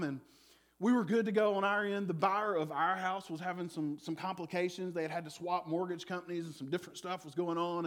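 A male pastor, telling a personal story in a sermon with chatty, animated, self-deprecating humor. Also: fairly high pitch.

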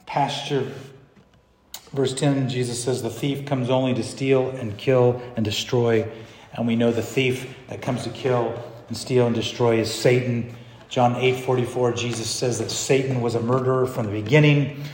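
A man pastor preaching a sermon, swinging from hushed, low passages to loud, emphatic declarations. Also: steady tone, normal speed, reverberant, long reverb tail.

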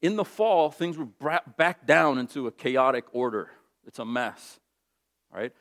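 A man's voice: medium pitch, animated, measured pace, fairly bright tone. A man preaching a sermon in a casual, conversational way, telling stories with lots of animation. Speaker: pastor.

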